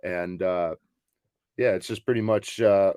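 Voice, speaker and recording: A man's voice: sits low, steady tone, measured pace, mellow, smooth, dry recording. A man in a band explaining the story behind their songs in a casual interview, with many ums and uhs. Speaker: band member.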